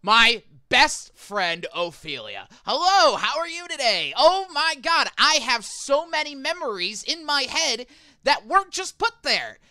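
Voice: sits high, very animated, a little slow, no echo, pitched above the performer's own voice, full character voice. A game master voicing an eager, fawning male merchant who talks to his customers like old friends. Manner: overly friendly, loud, salesy. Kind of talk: voicing a character in a tabletop game.

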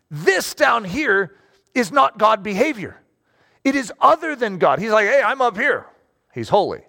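A man preaching a sermon to a congregation, emphatic and animated, asking rhetorical questions and drawing out key words. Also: sits high, creaky. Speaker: pastor.

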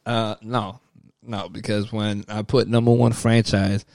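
A man's voice: on the low side, little pitch movement, unhurried, gravelly, darkish tone, dry recording, clean studio sound. A man co-hosting a podcast, talking bluntly and teasingly in casual chat and swearing a lot. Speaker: podcast co-host.

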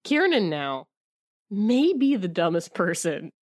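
A woman's voice: fairly low pitch, big pitch swings, slow, a little mellow, no echo, studio quality. A woman co-hosting a comedic book-club chat, reading passages aloud with sarcastic, giggly mock melodrama. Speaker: podcast co-host.

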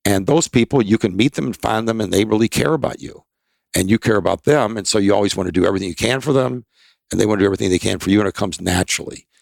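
A man's voice: deep voice, gravelly, slightly rough, no echo. An older man, a podcast guest, telling rambling, emphatic anecdotes in a casual interview. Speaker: expert guest.

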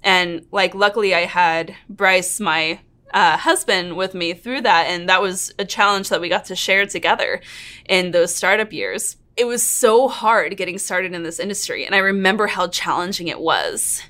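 A woman in her thirties hosting her own real estate coaching channel, talking earnestly and openly to camera, quick to get emotional. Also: on the low side, pushed and bright. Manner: earnest, open and emotional, laughs and nearly cries. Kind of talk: intro narration then casual one-on-one chat to camera.

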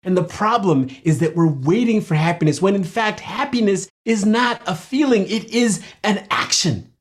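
Animated, higher-voiced man guest. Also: normal speed. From Nigeria. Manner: animated and storytelling, laughs often. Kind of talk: casual interview.

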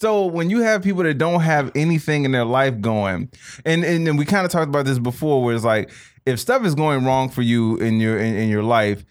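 A male podcast co-host ranting in casual, profane banter. He is animated and mocking, and he swears freely as the talk rolls on. His voice sits in a middling range. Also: mid-range voice, a little fast.

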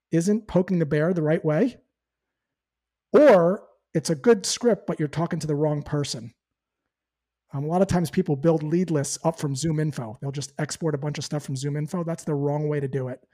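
Animated man coaching on sales calls. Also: fairly high pitch. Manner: animated, acts out sample phone dialogue. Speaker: sales trainer. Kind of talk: conversational sales coaching talk.

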